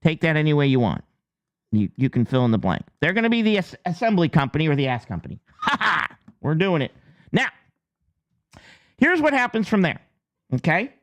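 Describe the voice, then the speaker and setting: A man from the US hosts his channel and casually explains a topic with on-screen drawings, joking and chatty, with lots of restarts and "okay?" check-ins. His voice is a little high and a bit bright, with big pitch swings; he talks briskly but pauses often.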